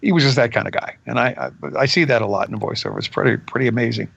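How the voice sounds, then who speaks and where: An older man, a voice actor being interviewed, telling stories in a casual, animated way and dropping into character voices. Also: mid-range voice, quick pace, gravelly, husky, lo-fi sound. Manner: animated, jumps into character voices mid-story. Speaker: voice actor guest.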